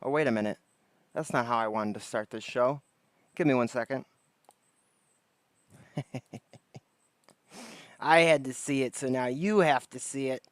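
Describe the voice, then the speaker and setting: A man's voice: mid-range voice, measured pace, pauses often, smooth, dry recording. A man hosting a casual late-night livestream, joking around and greeting chatters by name from his porch. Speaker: livestream host. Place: outdoors on a porch.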